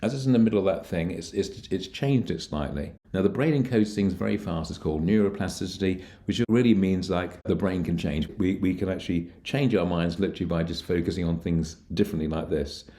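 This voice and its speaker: A middle-aged mind coach calmly guides the listener through techniques for handling anxiety, speaking directly to them in an instructional way. His voice is low, and he talks briskly with few pauses.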